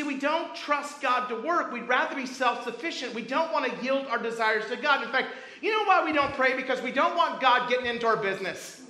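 A man's voice: very high-pitched, pushed and bright, echoey room, low-quality recording. A man preaching a sermon to a congregation, talking casually and telling stories from camp. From grew up Baptist. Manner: conversational preaching with anecdotes. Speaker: pastor.

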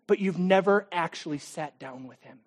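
A man's voice: high-pitched, normal speed. Male pastor delivering a sermon; dramatic, challenging, moves between big emphasis and near-whispered intimacy. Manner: dramatic, swings from loud emphasis to hushed, intimate tones; direct, challenging address to the listener.

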